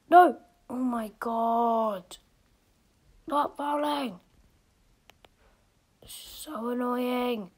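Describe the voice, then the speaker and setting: A woman talks through a platform game in a casual, unhurried way, her fairly high voice husky at the edges. She grumbles at her own mistakes and often sinks to a near whisper. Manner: frustrated, often dropping to a whisper. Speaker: gaming video creator. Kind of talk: casual gameplay commentary.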